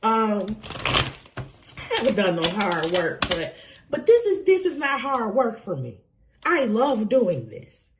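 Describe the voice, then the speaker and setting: A woman's voice: fairly high pitch, wildly swooping pitch, takes it slowly, noisy background. A woman getting over a cold, giving an emotional, effusive tarot reading to camera and laughing often. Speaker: tarot reader.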